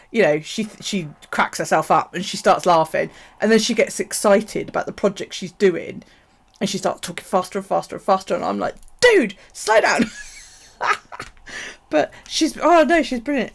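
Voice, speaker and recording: A woman chats loosely through a crafting stream, jumping between thoughts and dropping casual swears. Her voice has a gravelly, creaky edge, and she often laughs at herself mid-story. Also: medium pitch. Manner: chatty, rambling, swears freely, laughs at herself. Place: home craft space.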